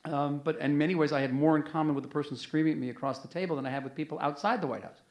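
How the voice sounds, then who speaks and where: A former ambassador talking in an onstage interview, animated and emphatic, often restarting his sentences. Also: fairly high pitch, rapid-fire, hardly any pauses. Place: museum event hall. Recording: roomy event hall sound.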